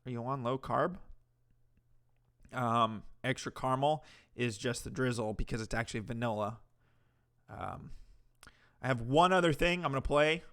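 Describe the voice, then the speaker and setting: A man's voice: mid-range voice, moderate pace, long pauses. A man hosting a live stream, reacting to clips and chatting with viewers in a sarcastic, profane way. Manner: bursts into loud laughter and yelling. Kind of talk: casual live-stream commentary.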